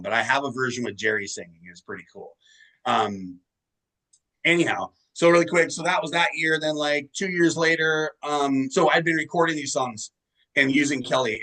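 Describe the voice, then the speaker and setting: Man, musician guest, rambling casual storytelling, bright forceful tone, swears a lot. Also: mid-range voice, rough recording. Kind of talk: casual interview chat.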